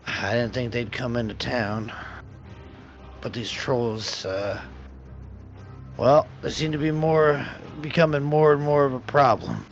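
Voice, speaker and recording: A man's voice: medium pitch, steady tone, measured pace, soft background music, natural voice. A man voicing a frank, grateful female town leader who talks in a chatty, hesitant, folksy way. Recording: dull lo-fi audio.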